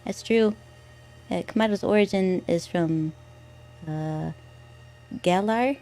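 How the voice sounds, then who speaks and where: A woman's voice: medium pitch, slow, dark tone. A woman streamer giving casual gameplay commentary, chatty and thinking aloud.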